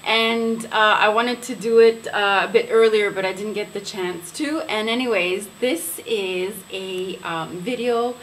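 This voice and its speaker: A woman's voice: medium pitch, fairly even intonation, a little hiss or hum, poor audio. A young woman from Quebec chatting casually to camera as a beauty vlogger, pronouncing names carefully and elegantly. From Quebec, Canada. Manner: unhurried, careful, elegant pronunciation. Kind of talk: casual vlog talk to camera.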